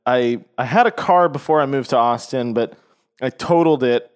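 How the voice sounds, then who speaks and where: A man in casual chat, relaxed, chiming in with short reactions and stories. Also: medium pitch, normal speed, clean tone.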